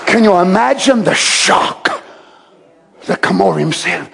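A preacher with a strikingly high voice that leaps and falls in pitch. He alternates between fervent shouting and hushed, slowed-down asides. The tone is a full sermon delivery. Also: expressive, vocal fry, noisy background.

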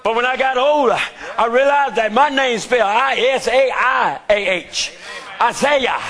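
A man preaching a sermon who shouts often and calls out to the congregation for response. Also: very high-pitched, a little slow.

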